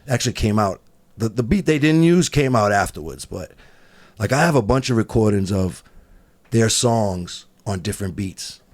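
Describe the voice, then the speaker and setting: A man telling studio stories in casual podcast chat, animated and laughing often as he acts out what others said. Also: lowish voice, normal speed. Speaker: studio engineer guest.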